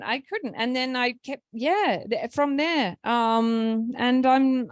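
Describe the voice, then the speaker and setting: A woman with an Australian accent, speaking as an author on a panel. She tells lively anecdotes, acts out the people she quotes, and often restarts her sentences. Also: a little high, no echo.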